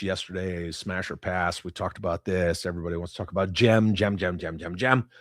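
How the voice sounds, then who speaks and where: A man's voice: on the low side, no room sound, clean studio sound. A middle-aged man hosting a casual livestream, reading viewer comments and ranting bluntly with lots of profanity. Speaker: livestream host.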